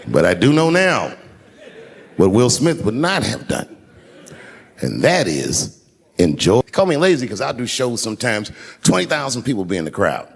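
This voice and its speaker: Gravelly stand-up comedian in an echoey venue. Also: male voice, mid-range voice. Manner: animated, jumps from hushed asides to shouted punchlines. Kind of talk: stand-up storytelling. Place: live show on stage before a large audience. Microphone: handheld stage microphone.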